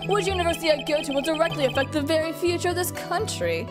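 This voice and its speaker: A woman's voice: very high voice, fast talker, music in the background. A woman doing a haughty, pompous young man. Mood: condescending. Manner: haughty, condescending, insulting. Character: arrogant pompous young male witness. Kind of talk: reading game dialogue aloud.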